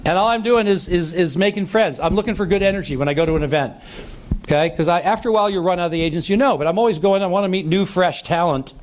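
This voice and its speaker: An energetic man giving a seminar talk, his voice set a little higher than most men's. He talks very fast, acting out bits of conversation and often checking in with the room. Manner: energetic, acts out quoted dialogue, keeps checking in with "right?". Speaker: sales trainer. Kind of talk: seminar talk to a live audience.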